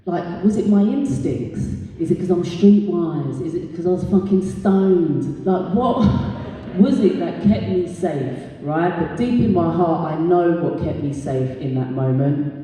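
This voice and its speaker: A British woman doing a stand-up comedy set as the compere, telling stories in a brash, sweary way and jumping into high squeaky voices for quotes. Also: lively intonation, a little slow, hardly any pauses, dark tone. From Britain. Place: live comedy venue. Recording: echoey hall, distant mic.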